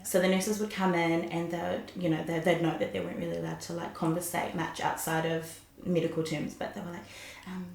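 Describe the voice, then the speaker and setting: A woman sharing her faith story in an earnest, animated way, sometimes laughing. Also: on the low side, a little fast, hardly any pauses. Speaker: guest. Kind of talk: emotional faith testimony chat. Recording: roomy echo.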